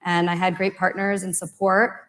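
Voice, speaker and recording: A woman's voice: lowish voice, level tone, normal speed, fairly bright tone. A woman speaking as a panelist in a live discussion, earnest, with many fillers. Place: event hall with audience.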